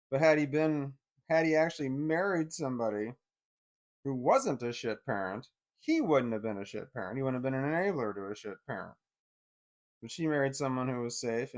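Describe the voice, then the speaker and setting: Middle-aged guy ranting about his past, swears a ton, blunt, goes from heated to bitter and quiet, ordinary pitch. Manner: blunt and profane, with raw swings between anger and quiet bitterness. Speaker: vlogger telling a personal story. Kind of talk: casual personal storytelling.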